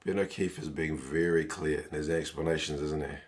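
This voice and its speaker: A low-voiced man hosts a live watch-along stream, answering viewers by name in a loose, chatty way. His voice is hoarse and rough, close to giving out. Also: fairly even intonation, a little fast. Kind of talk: live stream chat reading viewer comments.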